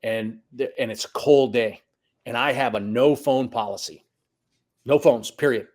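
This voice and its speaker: Animated middle-aged man telling coaching stories. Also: mid-range voice, unhurried. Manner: animated storyteller, acts out quotes, swears. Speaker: high school soccer coach, guest. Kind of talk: casual storytelling conversation.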